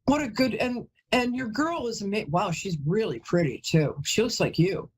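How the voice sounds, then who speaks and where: Husky chatty woman psychic. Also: medium pitch, normal speed, low-quality recording. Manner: chatty, emotional, often breaks off and apologizes. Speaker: psychic medium host. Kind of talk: live call-in psychic reading.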